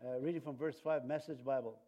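A man's voice: medium pitch, fairly even intonation, brisk, warm tone. A man preaching an informal sermon in a church, rambling and breaking off mid-sentence, chuckling at his own asides. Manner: rambling, self-interrupting, chuckling often. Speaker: pastor.

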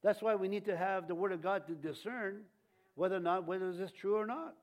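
A man preaching a sermon as pastor, in a rambling, halting way with many restarts and fillers, chuckling between points. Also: high-pitched.

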